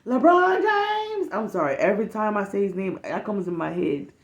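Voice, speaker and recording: A woman telling stories in casual talk, animated and profane, acting out the people in them. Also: fairly low pitch, fairly quick, gravelly, echoey room. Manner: animated, profane, acts out the people in her story. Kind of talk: casual storytelling.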